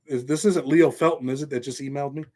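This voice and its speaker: A man's voice: mid-range voice, fairly even intonation, quick pace, dark tone. A middle-aged man from New York with a Southern-tinged American accent, hosting a casual livestream and chatting loosely with viewers, thanking them by name. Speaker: host.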